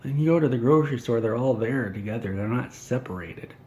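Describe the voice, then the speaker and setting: A man's voice: medium pitch, fairly quick, darkish tone. A man doing an in-character comedy monologue, ranting in an indignant, whiny, self-important way.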